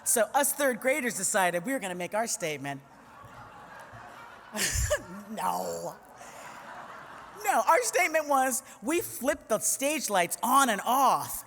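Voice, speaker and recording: A woman's voice: a little high, sing-song, slow pace, pauses often, a bit bright, slight background noise. A woman in her fifties from New York City gives a humorous personal storytelling talk as a commentator, witty and conversational with playful asides to the audience. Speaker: commentator and conference speaker. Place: large conference hall. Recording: long reverb of a big hall.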